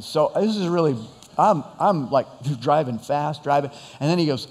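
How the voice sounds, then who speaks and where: Rambling storytelling preacher in a reverberant church. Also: male voice, a little high, moderate pace, a little mellow. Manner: rambling, self-deprecating humor, frequent fillers. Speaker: pastor. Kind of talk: sermon storytelling. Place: church sanctuary. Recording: long church hall reverb.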